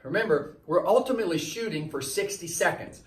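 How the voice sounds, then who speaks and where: Slightly winded, this trainer coaches a circuit session while performing it, cycling through the same cues on form and timing. His high, animated voice moves a little fast, captured at a distance in a room with plenty of echo.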